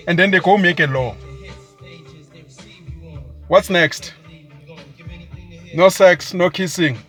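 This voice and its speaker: A South African man with a notably high voice rants with scorn and heat, switching between English and isiZulu. Faint music plays softly underneath his talk. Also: takes it slowly. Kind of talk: political rant to camera.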